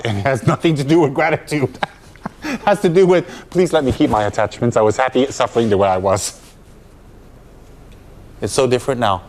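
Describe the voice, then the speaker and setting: A man's voice: fairly low pitch, a little hiss or hum. A man, a Buddhist teacher, giving a dharma talk to students, emphatic and full of rhetorical questions.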